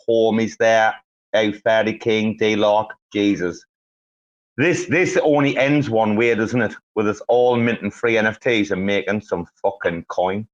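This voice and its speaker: A man hosting a live audio chat, talking in an excitable, profane and rambling way. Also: fairly low pitch. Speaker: host. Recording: dull lo-fi audio.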